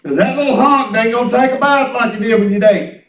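A man's voice: very high-pitched, a little fast. A middle-aged man preaching a folksy, emphatic sermon and repeating himself for effect. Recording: echoey room, from a distance.

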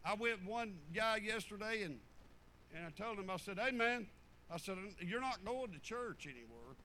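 Fervent folksy preacher man, high bright voice. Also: lively intonation, moderate pace, a little hiss or hum, rough recording. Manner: folksy, swings from fervent loud preaching to low muttered asides. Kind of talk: sermon.

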